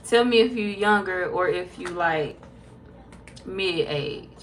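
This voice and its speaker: A woman tarot reader casually chatting with viewers on a livestream, reading their comments aloud, laid-back and quick to laugh. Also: lowish voice, slight background noise.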